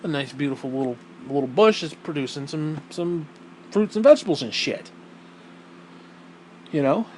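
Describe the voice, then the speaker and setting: A man's voice: on the high side, normal speed, long pauses, slight background noise, low-quality recording. Profane, emphatic man ranting. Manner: blunt and profane, emphatic swearing; animated, voice rising when indignant. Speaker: podcast host. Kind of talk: casual opinion monologue.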